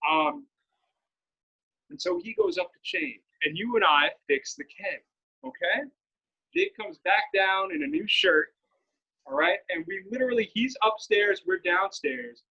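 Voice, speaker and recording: A man in his thirties telling a story on a casual podcast, animated and laughing often. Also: sits high, measured pace, husky. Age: 30s. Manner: animated, laughs often, acts out quoted lines. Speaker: podcast co-host. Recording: dull lo-fi podcast audio.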